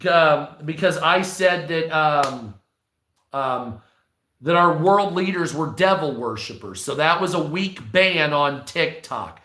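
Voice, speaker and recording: A man in his forties rants freely on a livestream, swearing often and rambling between topics. His voice is bright and pitched a little high. It rings in an echoey room. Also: expressive, slow, slight background noise. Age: 40s. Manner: profane, rambling ranting. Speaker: livestream host. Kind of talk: casual livestream monologue.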